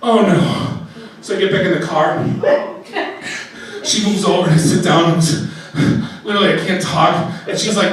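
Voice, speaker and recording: A man telling a funny story on stage, animated and often laughing, acting out his own panic. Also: unhurried, long pauses. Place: live venue with audience. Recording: booming echoey hall from far off with audience.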